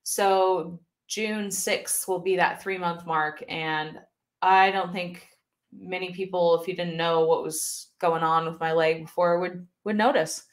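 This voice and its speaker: A woman's voice: on the low side, fairly even intonation, unhurried. A young woman hosting a casual live stream from home, chatting upbeat with lots of fillers as she reads viewer comments. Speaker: YouTube host reading live chat. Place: home, by her desktop computer.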